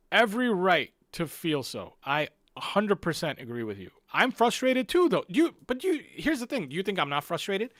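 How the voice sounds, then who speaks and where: A man's voice: high voice, fairly bright tone, dry recording, clean studio sound. A man hosting a live-stream football fan show, talking emphatically, repeating his points and speaking straight to viewers. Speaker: football channel host.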